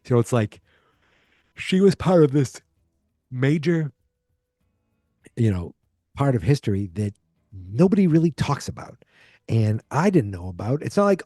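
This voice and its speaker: A man's voice: medium pitch, big pitch swings, measured pace, long pauses, warm tone, no room sound, studio quality. A man hosting a podcast, rambling casually through a movie review, restarting sentences and acting out quoted lines. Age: adult, alive in 1986. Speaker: podcast host.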